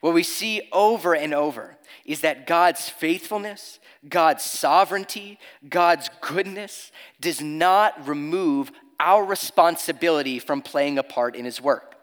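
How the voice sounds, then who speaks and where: A man's voice: on the high side, measured pace, few pauses, fairly bright tone, long reverb tail. A man preaching a sermon as pastor, earnest and emphatic, reading scripture aloud.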